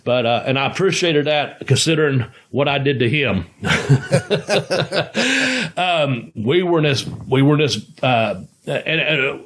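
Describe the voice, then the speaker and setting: A man's voice: medium pitch, expressive, measured pace. A man co-hosting a podcast, a former wrestler telling rambling, profane stories and laughing as he goes. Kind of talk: casual storytelling chat.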